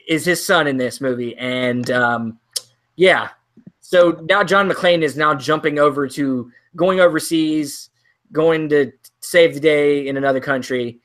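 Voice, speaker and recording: Guy on a movie chat show, rambling rant, lots of ums, voice a bit high. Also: fairly bright tone. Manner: rambling, ranting with many ums. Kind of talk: casual chat.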